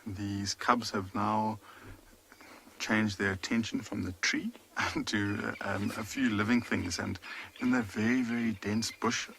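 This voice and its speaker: A man commentating calmly on lions and birds during a live safari drive, describing what he sees. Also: on the low side, gravelly, a little hiss or hum, rough recording. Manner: measured, descriptive, observant. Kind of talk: wildlife commentary. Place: outdoors in the bush.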